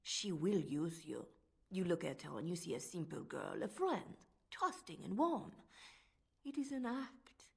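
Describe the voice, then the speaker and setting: A woman's voice: fairly low pitch, very animated, measured pace, vocal fry, darkish tone, breathy edge, full character voice. An actress with a French accent voicing a cold, manipulative woman spymistress in a video game, speaking in a silky, menacing way. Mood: taunting.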